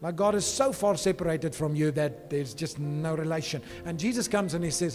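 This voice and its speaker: A man's voice: fairly high pitch, moderate pace, hardly any pauses, darkish tone. A pastor preaching a sermon with emphasis, often checking in with his congregation by asking "okay?". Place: church. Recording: reverberant church hall with faint music.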